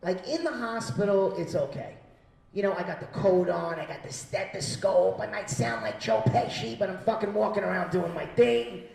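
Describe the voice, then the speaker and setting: A man doing a stand-up comedy set, profane, with loud acted-out quotes. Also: high-pitched, expressive, moderate pace, gravelly, roomy sound, distant mic, poor audio. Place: small comedy venue.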